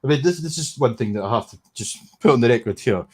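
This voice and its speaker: A man's voice: medium pitch, animated, fast, darkish tone, slightly rough. Sweary Scottish man hosting a livestream. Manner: sweary, sarcastic ranting. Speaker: livestream host. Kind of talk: casual livestream commentary.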